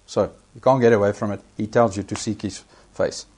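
A man's voice: on the low side, steady tone, brisk, darkish tone, slightly rough. A man preaching a sermon, emphatic, repeating key phrases and rising sharply when he quotes scripture.

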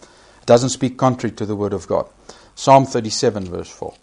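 A man's voice: lowish voice, moderate pace, vocal fry, a little mellow, slightly rough. A man preaching a sermon, emphatic, repeating key phrases and rising sharply when he quotes scripture.

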